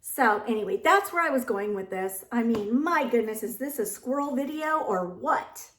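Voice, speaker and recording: Woman vlogger, high and chatty, storytelling; roomy echo. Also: animated, normal speed, fairly bright tone, a little hiss or hum. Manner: chatty, acts out quotes of others. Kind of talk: casual storytelling. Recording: echoey room.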